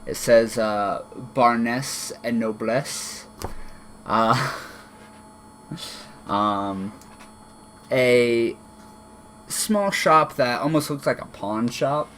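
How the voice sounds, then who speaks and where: A man narrating as game master of a tabletop game, relaxed, with many fillers and restarts. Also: mid-range voice, extremely slow, pauses often, slight background noise. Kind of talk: narrating a tabletop game over an online call.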